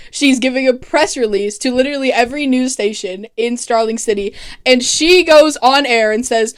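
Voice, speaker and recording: A woman's voice: a little high, normal speed, clean tone. A woman narrating a casual comedic TV recap, sarcastic and profane, paraphrasing characters in her own offhand voice. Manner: sarcastic, profane, mock-quoting characters in a flat voice. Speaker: TV recap YouTuber.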